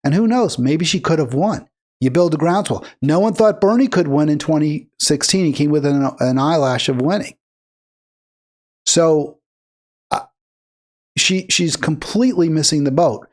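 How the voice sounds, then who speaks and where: A man's voice: a little high, lively intonation, normal speed, darkish tone. A man commenting on played clips, indignant and emphatic, his voice rising into heated bursts. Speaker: political commentator.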